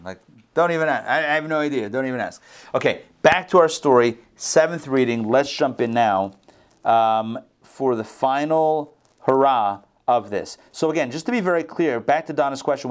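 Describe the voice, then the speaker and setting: A man's voice: medium pitch, a little fast. A man teaching a Torah class over a video call, talking casually, correcting himself and checking in with his listeners. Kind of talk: conversational online Bible class.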